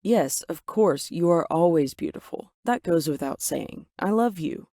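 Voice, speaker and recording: A woman voicing a gentle, earnest young man in an animated story. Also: lowish voice, unhurried, dry recording, studio quality.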